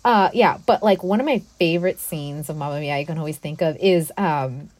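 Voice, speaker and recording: A woman's voice: low voice, a little fast, darkish tone, dry recording. Chatty, enthusiastic young woman, dry sound. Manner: chatty, enthusiastic, lots of fillers. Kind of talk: casual chat.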